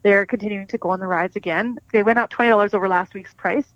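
A woman's voice: medium pitch, fairly even intonation, quick pace, no echo. Female livestock specialist, matter-of-fact explainer, dry muffled recording. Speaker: provincial cattle specialist interviewed. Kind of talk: casual explanatory talk.

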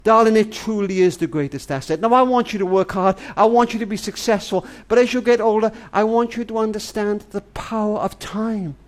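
On a family radio program, a high-pitched man tells a long, tender story, often calling the listener "darling." A dramatic storyteller, he slows right down and drops to a near-whisper for emphasis.

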